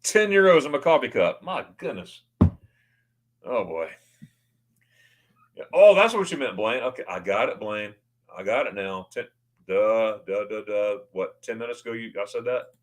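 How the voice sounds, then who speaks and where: This American man hosts a casual livestream, greeting viewers by name and reading out their comments. He's excitable and often stammers and restarts his words, speaking at a moderate pace with a fairly low pitch and long pauses.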